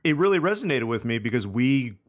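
A man co-hosting a casual paranormal podcast, telling a story slowly with many fillers. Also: medium pitch, sing-song. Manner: slow, meandering storyteller with fillers. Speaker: podcast co-host.

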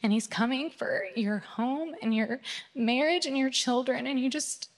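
A young woman shares a personal testimony in front of a church, chatty and full of fillers. She turns excited as she retells the story. Her voice rings out with a long hall reverb. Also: sits high, a little slow. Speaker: church member giving testimony. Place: church sanctuary.

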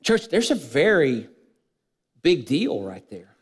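A man preaching a sermon in a church, building repeated lists and rhetorical questions and letting his voice sink low at the ends of phrases. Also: sing-song, slow, breathy edge, long reverb tail. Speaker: pastor.

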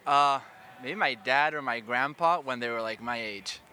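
A man's voice: mid-range voice, normal speed, pushed and bright. A man answering a street interview, hesitant and candid.

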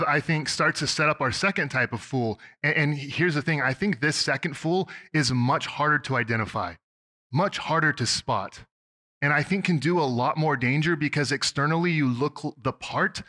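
A man in his thirties delivers a sermon like a conversation, self-deprecating and loose, often restarting his sentences. His voice sits a bit high and rings bright and forward. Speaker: pastor.

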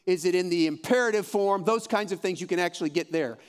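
High-voiced man teaching Bible study. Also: fast, clean tone. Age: 50s. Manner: encouraging, folksy, repeats himself. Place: room with a live audience, also streamed.

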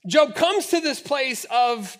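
A man preaching a sermon, lively, acting out the voices in the scripture he reads. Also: very high-pitched, takes it slowly. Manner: animated, acts out scripture voices. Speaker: pastor.

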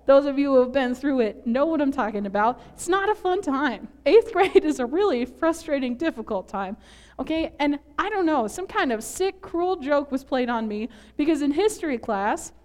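Woman pastor from northern minnesota, slightly high voice, chatty and laughing at herself through the sermon. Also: a little mellow. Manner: chatty, self-deprecating, laughs often. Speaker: preacher. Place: church.

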